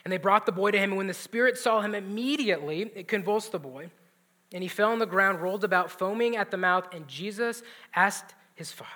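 A man preaching a sermon, swinging between loud emphatic lines and hushed, near-whispered asides. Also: high voice, brisk. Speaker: pastor.

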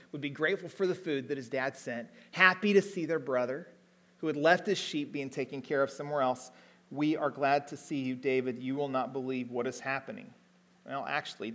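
A man preaching a sermon, reading scripture aloud and retelling it in plain everyday words, slowing down and lifting his voice to stress key words. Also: mid-range voice. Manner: retells the story in everyday paraphrase between readings.

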